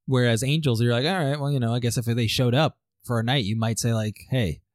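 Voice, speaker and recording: A man co-hosting a podcast, chatting casually, laughing often and tossing off quick quips. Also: mid-range voice, fairly even intonation, dry recording, clean studio sound. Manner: laid-back, laughs a lot, quick quips. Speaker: podcast co-host. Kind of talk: casual chat.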